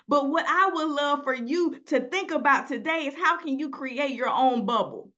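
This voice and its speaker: A woman's voice: sits high, normal speed, hardly any pauses, sharp tone. A woman preaching a sermon in a conversational style that builds to emphatic, rising delivery. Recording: dull lo-fi sound.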